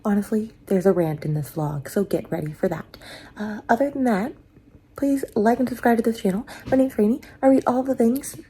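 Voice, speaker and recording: A woman's voice: fairly high pitch, brisk, mellow, husky. A woman book vlogger giving a breezy, offhand channel intro. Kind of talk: casual intro.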